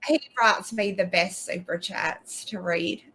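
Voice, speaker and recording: A woman's voice: mid-range voice, fairly even intonation, a little slow, fairly bright tone, breathy edge, low-quality recording. A young woman guest in a casual interview, chatty, acting out quotes of herself and laughing often. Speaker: guest YouTuber.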